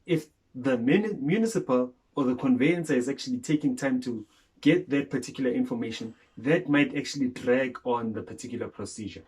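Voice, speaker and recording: A man's voice: medium pitch, fairly quick, a little mellow, slightly rough, low-quality recording. A man from South Africa co-hosting a casual chat, explaining property transfers point by point and leaning on "actually" and "so now.". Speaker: co-host.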